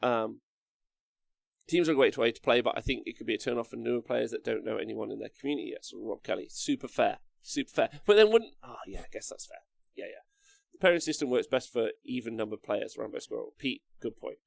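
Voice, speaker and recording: A man with a gravelly, fry-edged voice hosts a casual live stream, rambling through chat messages and swearing offhandedly. His voice sits at an ordinary middle pitch. The sound is dry and close. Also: expressive, brisk, no room sound. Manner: rambling, swears casually, answers viewer comments aloud.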